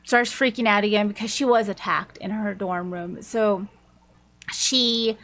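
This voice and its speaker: A woman's voice: medium pitch, fairly even intonation, a little slow, fairly bright tone. A woman reviewing a book, retelling its plot in a chatty, casual way with many filler "likes".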